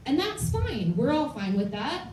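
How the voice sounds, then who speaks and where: A woman's voice: sits high, sing-song, unhurried, darkish tone. A woman in her late twenties doing a blunt, self-deprecating stand-up comedy set in front of a live audience at a comedy club. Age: late 20s. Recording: distant, roomy, noisy club recording.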